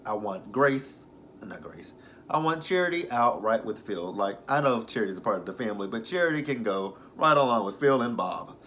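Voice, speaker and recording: A man's voice: lowish voice, animated, moderate pace, a bit bright, a little hiss or hum. Sassy man recapping a TV episode. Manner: sassy, exasperated asides. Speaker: TV episode reviewer. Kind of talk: casual recap and commentary.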